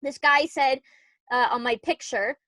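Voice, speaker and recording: High bright-voiced young woman, chatty. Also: measured pace, dry recording. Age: young adult. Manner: chatty, lots of "like", animated retelling. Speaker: podcast co-host. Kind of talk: casual chat.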